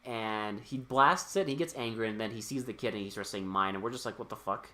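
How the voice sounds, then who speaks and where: A man co-hosting a podcast, retelling a film's plot in casual, profane chat with quick quoted lines. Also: fairly low pitch, pushed and bright. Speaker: podcast co-host. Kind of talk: casual movie recap chat.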